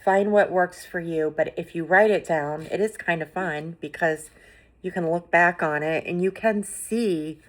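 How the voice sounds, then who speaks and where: A middle-aged woman hosting a podcast, talking in an earnest, conversational way with lots of fillers as she gently encourages listeners. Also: lowish voice, a little slow. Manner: earnest, conversational, many fillers like "you know" and "like". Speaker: podcast host.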